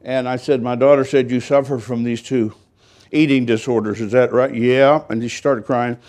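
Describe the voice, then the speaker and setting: A man's voice: mid-range voice, steady tone, moderate pace, a little mellow. An older man, a pastor, telling a story in a rambling, folksy sermon with self-deprecating humor.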